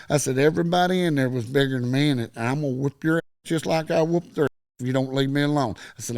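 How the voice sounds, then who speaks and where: A man's voice: medium pitch, quick pace, darkish tone, no room sound. A middle-aged man with a Texan accent, a podcast guest telling a long story in casual chat and acting out every quoted line.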